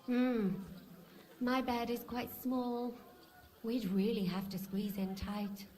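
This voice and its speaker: A woman's voice: fairly high pitch, little pitch movement, slow pace, mellow. A bold, teasing young woman.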